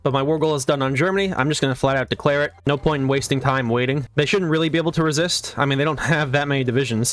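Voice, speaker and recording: A young man giving sarcastic, irreverent commentary over a strategy game playthrough. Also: medium pitch. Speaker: gaming video creator.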